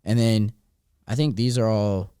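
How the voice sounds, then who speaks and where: A teenage boy hosting a school podcast with a lowish voice. He talks in a loose, friendly way, full of "like" and "you know", and the sound is close and dry. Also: fairly even intonation, unhurried, warm tone, clean tone, dry recording. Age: teens. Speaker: student podcast host. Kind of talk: casual chat.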